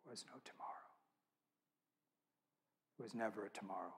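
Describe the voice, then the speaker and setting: Husky man telling an earnest story. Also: fairly low pitch, a little fast. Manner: earnest, intimate storytelling with quoted dialogue. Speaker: church musician and speaker. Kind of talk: storytelling talk at a church event. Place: church.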